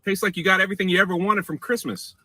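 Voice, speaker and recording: Husky, excitable man reviewing food. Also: high voice, racing, no echo. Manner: over-the-top excited comparisons. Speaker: food reviewer in a played clip. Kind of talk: car vlog food review. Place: car at a drive-thru.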